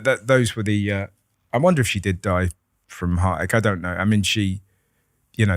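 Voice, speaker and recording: A British comedian guest telling personal stories in a rambling, halting way, with frequent restarts and casual swearing. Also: male voice, sits low, gravelly, dry recording, clean studio sound. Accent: British English. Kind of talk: candid conversational storytelling.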